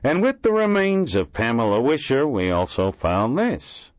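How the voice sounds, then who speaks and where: Man as irritable blunt police lieutenant, gruff, lively delivery, dull dry sound. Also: medium pitch, unhurried, no room sound, pitched above the performer's own voice. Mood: impatient.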